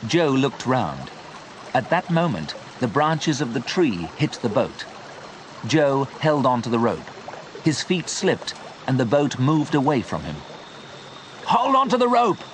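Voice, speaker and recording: Slow, animated male storybook narrator. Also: mid-range voice, slight background noise. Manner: slow, clear, simple reading. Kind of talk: scripted storybook narration for learners.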